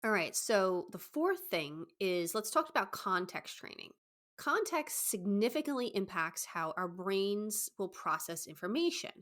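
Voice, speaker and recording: A young woman, a dating coach, giving advice on her podcast in a fast, excited, enthusiastic way. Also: medium pitch. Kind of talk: solo podcast advice talk.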